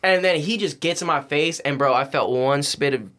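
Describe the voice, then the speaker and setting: A young man, a podcast guest, telling a story in a casual, animated, slangy and profane way. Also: on the high side, moderate pace.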